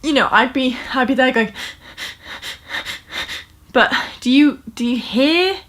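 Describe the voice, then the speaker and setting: A woman's voice: medium pitch, fairly bright tone. A woman talking earnestly and casually to camera at home, with frequent fillers and restarts. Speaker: vlogger. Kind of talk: casual personal storytime talk.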